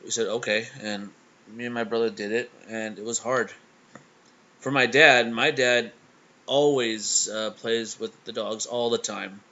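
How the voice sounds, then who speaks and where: A young man hosting a reaction video, telling a personal story in a halting way with stammering restarts. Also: on the low side, steady tone, fairly bright tone, lo-fi sound. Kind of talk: casual emotional storytelling.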